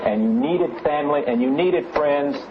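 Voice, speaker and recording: Male interviewer, challenging questions, muffled recording, clearly audible hiss. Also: a little high, normal speed. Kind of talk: archival TV interview.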